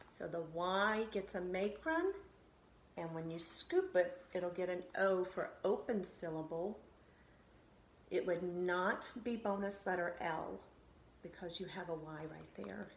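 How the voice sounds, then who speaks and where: A woman's voice: fairly low pitch, roomy sound, a little hiss or hum. A woman teacher giving a recorded phonics lesson to children, patiently sounding out syllables and reassuring them.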